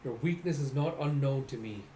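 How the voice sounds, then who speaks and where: A man voicing a stoic, weary male warrior in a low, somber voice. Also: normal speed, warm tone, lightly acted. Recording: echoey room, faint noise.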